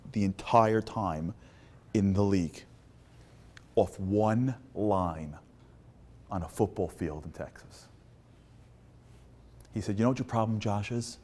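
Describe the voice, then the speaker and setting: Animated male motivational storyteller. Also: fairly low pitch, unhurried, long pauses. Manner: acts out dialogue, swings from hushed to loud and animated. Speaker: motivational speaker. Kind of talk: storytelling talk to a live audience.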